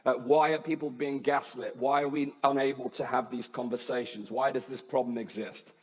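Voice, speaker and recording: A man with a husky voice, heard with long reverb in a large hall, hosts an event. He introduces the first speaker earnestly, building his case with a string of questions. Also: mid-range voice, steady tone, normal speed. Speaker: event host.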